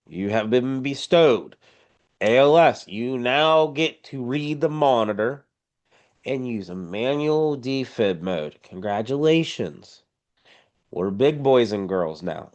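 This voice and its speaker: A man with a fairly low voice, lecturing his trainees over a video call. He teaches in a blunt, informal way, leaning hard on the points he cares about. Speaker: EMS instructor. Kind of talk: casual online class lecture.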